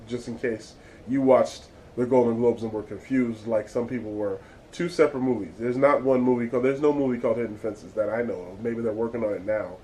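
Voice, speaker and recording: A man's voice: medium pitch, fairly even intonation, a little fast, mellow, a little hiss or hum, rough recording. A man hosting his own vlog, giving blunt, exasperated and profane commentary. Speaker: vlog host. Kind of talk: casual ranting commentary.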